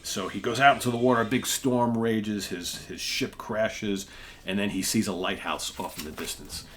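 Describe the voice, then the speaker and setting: A man's voice: fairly low pitch, steady tone, moderate pace, fairly bright tone, a little hiss or hum. A man hosting a comic book show, casually retelling old stories with filler words and asides.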